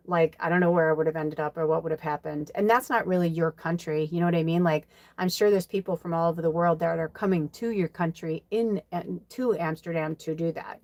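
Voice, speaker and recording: In a dry recording, a lowish-voiced woman chats through a live card reading stream. She is middle-aged, from Chicago's South Side in the USA, and talks in a rambling way full of fillers and laughter.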